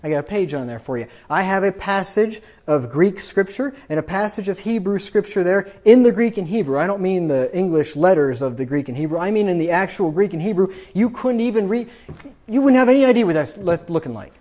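A man preaching a combative, sarcastic sermon that builds to emphatic, drawn-out peaks. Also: sits high, animated, darkish tone, dull audio. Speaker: pastor.

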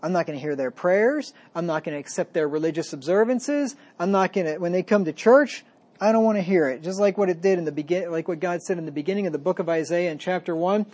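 A man preaching a sermon, reading verses with raised emphasis and dropping to low, folksy asides. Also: fast talker, darkish tone. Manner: folksy, self-deprecating asides.

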